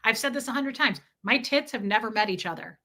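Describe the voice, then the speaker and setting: A woman's voice: a little high, animated, a little fast, bright, forceful tone. A woman hosting a livestream, chatting casually and reading viewer comments, with brash, crude joking. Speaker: livestream host.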